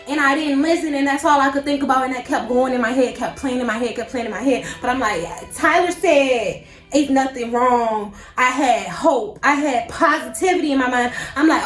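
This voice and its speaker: High-voiced young woman, animated storytime. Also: fairly quick, faint music behind. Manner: animated, slangy, dramatic inner monologue. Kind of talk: storytime vlog, casual retelling. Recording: echoey room.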